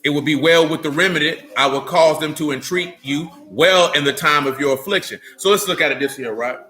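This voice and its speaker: A man leading a scripture lesson for a small group, asking questions and drawing out words slowly, with a stern, scolding manner. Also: fairly high pitch, sharp tone, faint music behind. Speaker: teacher of a small religious assembly. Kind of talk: scripture teaching with questions to listeners.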